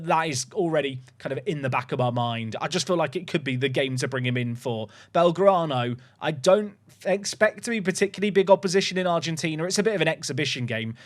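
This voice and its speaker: A man commentating his own game, excitable, swinging between calm talk and sudden shouts. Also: a little high. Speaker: gaming YouTuber.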